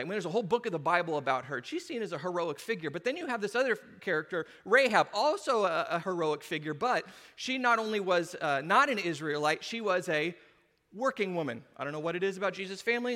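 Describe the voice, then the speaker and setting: A man's voice: sits high, pushed and bright, in a large hall. A man preaching a sermon, retelling a story with jokey asides and acted-out voices. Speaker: pastor. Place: church hall with congregation.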